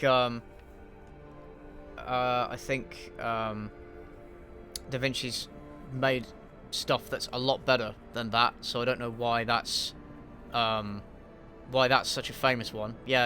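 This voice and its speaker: A YouTube host gaming during a laid-back livestream Q&A answers viewers bluntly and swears freely, often stalling on ums and restarts. His medium-pitched voice is bright and forward, a little slow, with soft music behind him.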